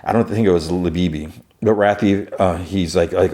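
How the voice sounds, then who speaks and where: Male podcast host, deep voice, chatty rambling recap. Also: steady tone, normal speed, warm tone. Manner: rambling, retelling scenes with "he's like". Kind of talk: casual episode recap.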